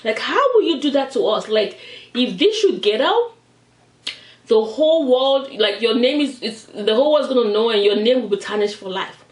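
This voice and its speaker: A woman doing a scheming wife, sharp and scolding with a cold, firm edge. The voice sits in an echoey room a little way from the mic. She talks fairly high-pitched. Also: animated, normal speed, recorded from a distance, natural voice.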